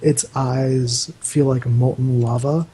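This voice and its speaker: A man's voice: medium pitch, fairly even intonation, takes it slowly, mellow, slightly rough, poor audio. A man running a tabletop game as game master, narrating loosely with lots of "like" fillers. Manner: loose, meandering, full of "like" fillers.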